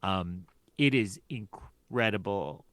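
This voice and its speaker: A lower-pitched man with a bright, forceful tone chats eagerly on a podcast. He laughs often, scatters fillers through his sentences, and sounds close and dry. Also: takes it slowly, no room sound. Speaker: podcast co-host. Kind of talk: casual podcast chat.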